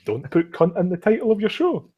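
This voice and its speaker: Husky man cracking crude jokes. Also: high-pitched, sing-song, fairly quick, warm tone. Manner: crude, joking. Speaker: talk show panelist. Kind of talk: casual chat.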